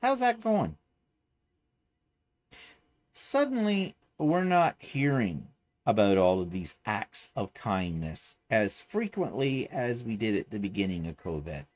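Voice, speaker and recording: A man's voice: on the low side, big pitch swings, slow pace. A man talking straight to camera in a casual vlog, ranting with exasperated, sarcastic asides. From Canada. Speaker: vlogger. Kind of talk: casual chatty vlog rant.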